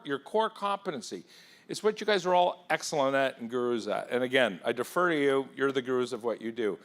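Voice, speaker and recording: A man giving an interactive talk at a conference, firing questions at the audience in an energetic, persuasive way. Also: medium pitch, fairly quick. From England. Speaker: keynote speaker. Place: conference hall.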